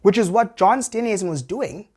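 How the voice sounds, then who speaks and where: A young man hosting a satirical comedy show, delivering a wry, animated monologue. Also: high voice, normal speed, slightly rough. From South Africa. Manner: wry, animated, jumps into voices.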